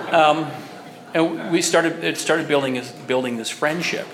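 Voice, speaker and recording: A man sharing his story at a recovery meeting, in halting, rambling speech full of restarts. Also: fairly high pitch, noisy background. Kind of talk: personal testimony.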